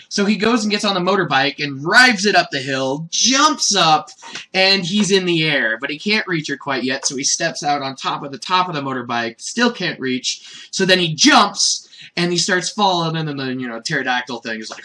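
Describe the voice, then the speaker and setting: A man chatting through an anime episode recap, rambling and laughing as he goes. His voice sits a little high and sounds bright and forceful. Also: animated, moderate pace. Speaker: anime reviewer.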